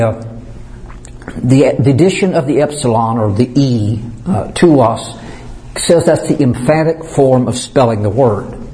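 A man preaching as a pastor, teaching verse by verse. He slows down to stress key words and often clears his throat. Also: on the high side, dark tone, rough recording.

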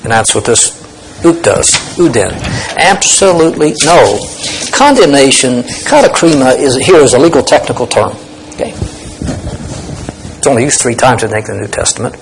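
A man's voice: mid-range voice, animated, moderate pace, background noise. Emphatic man teaching from the Bible. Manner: emphatic, explaining Greek words, thinking aloud with restarts.

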